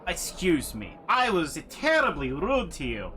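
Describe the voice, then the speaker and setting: A man voicing a shady male treasure-hunter who talks fast and overly friendly. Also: a little high, wildly swooping pitch, sharp tone, slight background noise, voice pushed up, full character voice. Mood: fawning. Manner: eager, fawning, overly friendly.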